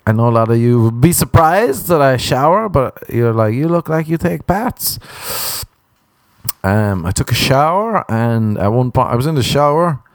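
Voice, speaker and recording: An Irish man telling a comic story in a casual, sardonic way, with profanity and deadpan understatement. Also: medium pitch, moderate pace, few pauses, no room sound, clean studio sound. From Ireland. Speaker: comedian.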